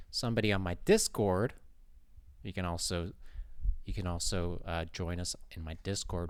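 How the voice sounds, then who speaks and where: A man's voice: low voice, clear, resonant tone, no room sound. A young man hosting his own channel, rambling playfully to camera in casual chat and swearing now and then. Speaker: YouTube channel host. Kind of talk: casual vlog talk to camera.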